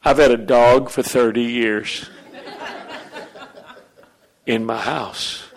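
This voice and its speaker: A man's voice: mid-range voice, steady tone, slow, gravelly. A middle-aged man preaching a sermon as pastor, acting out questions from the congregation and answering them.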